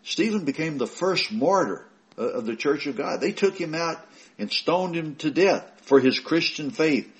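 A man preaching a sermon, emphatic, swinging from loud raised stresses to quiet asides, reading scripture in slow weighty bursts. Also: expressive. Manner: emphatic, rising to stress key words and dropping low for asides.

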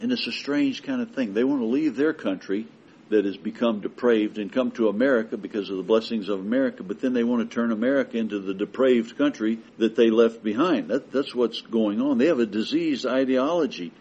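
A man preaching a sermon with emphatic delivery that builds to forceful declarations. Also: medium pitch, fairly quick, slightly rough, lo-fi sound.

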